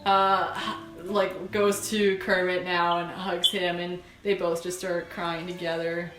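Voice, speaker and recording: A woman's voice: on the low side, flat delivery, slow pace. A woman narrating a tabletop game as game master, chatty and loose, with many fillers. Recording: roomy room with music behind.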